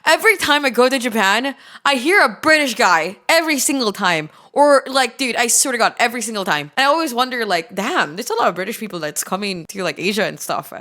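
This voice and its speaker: A young woman streamer chatting casually, excitable and quick to outrage, swearing freely as she reacts. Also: on the high side.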